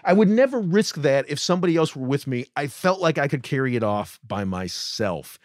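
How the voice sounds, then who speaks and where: A man's voice: fairly high pitch, sing-song, a little fast, darkish tone, no echo, studio quality. A man co-hosting a podcast, telling a road story in a casual, self-deprecating way with many restarts. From United States. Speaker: podcast co-host.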